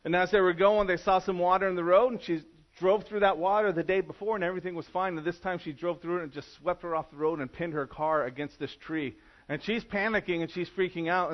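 A man's voice: fairly high pitch, lo-fi sound. A man preaching a sermon as pastor, from California, talking conversationally with frequent restarts and fillers.

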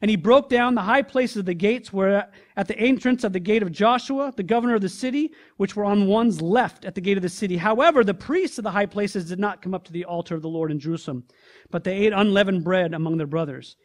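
Here a male pastor speaks quickly in a voice that sits high, reading from scripture before challenging the congregation with rhetorical questions, his delivery swelling loud and sinking quiet.

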